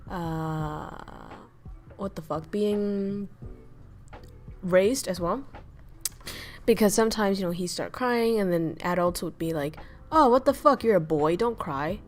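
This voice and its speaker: A woman's voice: on the low side, darkish tone, a little hiss or hum. Woman, VTuber streamer, casual livestream chat, profane, blunt, ranting, reading chat. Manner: reads and answers chat messages.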